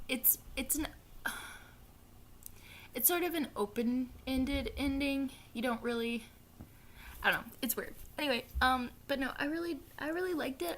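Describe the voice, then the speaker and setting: A woman's voice: on the high side, a bit bright, slight background noise. Chatty young Southern woman, rambling. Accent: Southern American. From American South. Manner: chatty, rambling, lots of likes and ums, swears for emphasis. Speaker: book vlogger. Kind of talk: casual reading wrap-up chat.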